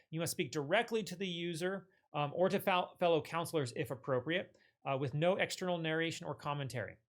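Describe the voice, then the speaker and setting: A man presenting a tech tutorial in a casual walkthrough style, with loose phrasing, many fillers and frequent self-corrections. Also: a little high. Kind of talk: casual screen-share walkthrough.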